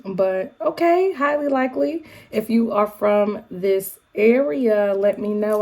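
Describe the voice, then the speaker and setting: A woman with an African American English accent talks casually to her viewers at home, mellow and warm in tone. She is animated, throwing in quick asides and shout-outs as she chats. Her pitch sits in an ordinary middle range. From United States. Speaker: YouTube vlogger. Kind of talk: casual chatty vlog.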